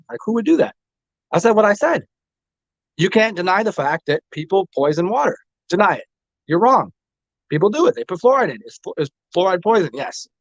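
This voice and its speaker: A man's voice: sits high, dry recording. A man hosting a livestream, arguing with chat viewers and repeating himself with frequent stammers. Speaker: livestream host. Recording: dull, lo-fi dry home recording.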